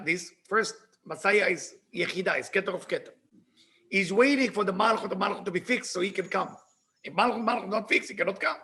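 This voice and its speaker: Bright, gravelly man telling a lesson story. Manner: animated, bursts into shouting at dramatic moments, then drops low; reads passages aloud in fast Hebrew, then translates. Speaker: Kabbalah teacher. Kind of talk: retelling a story.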